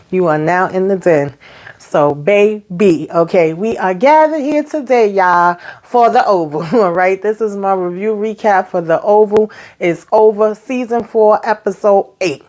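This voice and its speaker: A woman's voice: fairly low pitch, a little mellow. A woman hosting her own recap channel, chatting casually and folksily, calling her listeners child and honey and acting out the characters' lines. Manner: acts out the characters' lines in quick voices.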